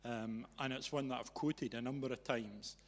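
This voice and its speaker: A man hosting a live event, telling a story to an audience in a teasing, animated way. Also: medium pitch, moderate pace. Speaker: event host. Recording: reverberant hall.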